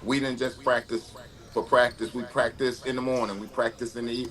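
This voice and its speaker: A man, a guest telling animated stories with frequent fillers and restarts. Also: mid-range voice, brisk. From Mississippi, US. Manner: animated storyteller, frequent uh and repeated words. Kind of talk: conversational storytelling.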